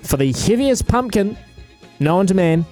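A man's voice: high voice, expressive, measured pace, warm tone, faint music behind. A man with an Australian accent, reading quirky news stories on air in a casual, jokey way, full of fillers. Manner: chatty, jokey, lots of fillers. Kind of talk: casual radio banter. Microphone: studio microphone.

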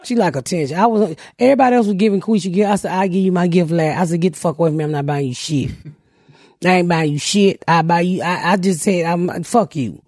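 A middle-aged woman hosting a comedy podcast, telling stories loudly and profanely and acting out other people's voices. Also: lowish voice, quick pace, dry recording, clean studio sound. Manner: loud, profane, storytelling with mimicked voices. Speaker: podcast host. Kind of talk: casual comedic chat.

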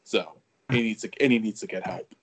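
A man's voice: fairly low pitch, a little fast, slightly rough. Easygoing joking man as a podcast guest. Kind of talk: casual sports podcast chat.

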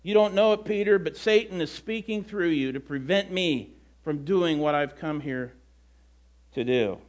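A gentle yet firm Jesus, put on by a preaching man, speaking with earnest, deliberate weight. The voice sits fairly high for a man. He sounds like a teacher who chooses each word with care. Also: close to an everyday voice. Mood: stern.

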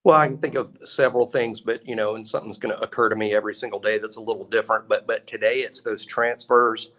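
A man's voice: lowish voice, steady tone, fast, fairly bright tone. A man co-hosting a sports talk show, analyzing the team in an earnest, emphatic way and repeating his points. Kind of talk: casual sports radio analysis.

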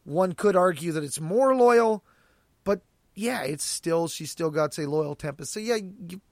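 A man chatting casually as a podcast co-host, animated and laughing often as he acts out quoted lines. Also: on the high side, measured pace, no echo, studio quality. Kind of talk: casual chat about an audio drama.

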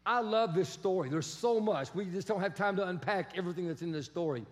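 A man preaching a sermon, telling a story with acted-out voices and swinging between shouts and soft, quiet lines. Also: high voice, brisk. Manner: animated storytelling, acts out quoted voices, shifts from shouting to soft. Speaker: pastor. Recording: long reverb of a large hall.

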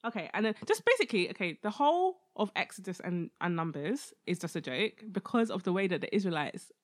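A woman co-hosting a casual chat, retelling Bible stories in an animated, jokey way. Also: on the low side, fairly quick. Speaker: podcast co-host.

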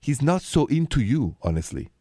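A man with a French accent hosts a radio advice show and speaks frank and emphatic. His voice sits at a middle pitch. The sound is close and dry. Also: big pitch swings, moderate pace, dark tone, no echo. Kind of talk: call-in relationship advice.

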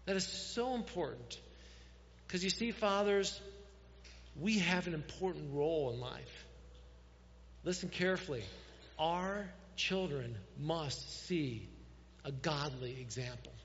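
A man preaching to fathers, his fairly high voice carried through a long, ringing hall reverb. He shifts easily into storytelling mode, and the recording sounds dull and lo-fi. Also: lively intonation, slow, pauses often, a bit bright, a little hiss or hum. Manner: storytelling, addresses fathers directly. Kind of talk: sermon.

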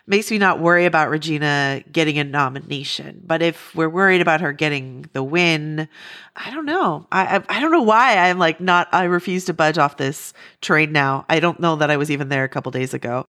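Woman with a very low voice, musing. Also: moderate pace, fairly bright tone. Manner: musing, hesitant, with many fillers. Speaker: podcast co-host. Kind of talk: casual film-awards chat.

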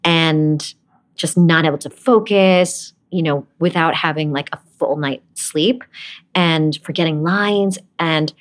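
A woman with a notably low voice tells stories as an interview guest. She grew up in Brooklyn, and she laughs often while she talks in a lively, casual way. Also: takes it slowly. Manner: laughs often, animated storytelling.

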